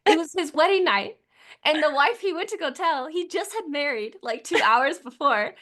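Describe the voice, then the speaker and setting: A woman co-hosting a podcast, telling a long story in casual chat, animated and full of "like" fillers. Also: sits high, normal speed. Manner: animated, filler-heavy with constant "like". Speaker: podcast co-host.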